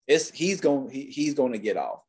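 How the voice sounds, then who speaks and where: A man's voice: mid-range voice, sing-song, normal speed, darkish tone, breathy edge. A man co-hosting a podcast, talking in a blunt, heated and profane way. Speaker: podcast co-host. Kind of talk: casual opinionated chat.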